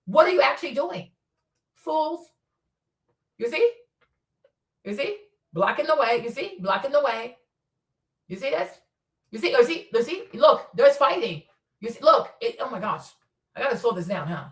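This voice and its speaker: A woman's voice: on the high side, big pitch swings, moderate pace, pauses often, echoey room, distant mic. A woman streamer commenting on footage in a casual, insistent way, repeating herself as she points out details step by step.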